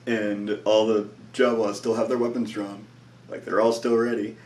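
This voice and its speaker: A man's voice: on the low side, flat delivery, moderate pace, darkish tone, echoey room, recorded from a distance. A tired man recapping a show episode in a loose, rambling way, with lots of "like" and frequent laughs.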